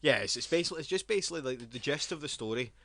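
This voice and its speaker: A man's voice: medium pitch, animated, racing, fairly bright tone. A young Scottish man co-hosting a podcast who talks bluntly, swears freely and laughs often. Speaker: podcast co-host. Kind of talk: casual wrestling banter.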